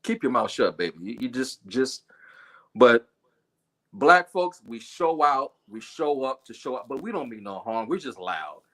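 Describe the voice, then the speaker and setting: Animated man telling a story on a call. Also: measured pace. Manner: animated, acts out quoted voices with big pitch jumps. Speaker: guest storyteller. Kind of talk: casual livestream storytelling. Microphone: video call.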